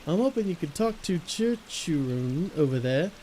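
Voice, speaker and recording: Man voicing a fishmonger, high, genteel, formal, wordy, game character. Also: animated, moderate pace, mellow, a little hiss or hum, close to an everyday voice. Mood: courteous. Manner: formal, mannered delivery. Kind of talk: live-streamed game voice acting.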